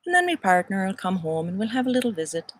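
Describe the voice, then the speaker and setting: A woman's voice: mid-range voice, very animated, fast talker, no room sound. A woman in her fifties hosting a casual spiritual livestream talk in a playful, put-on Irish accent, musing and drawing out her phrases into the camera mic. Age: 50s. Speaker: host.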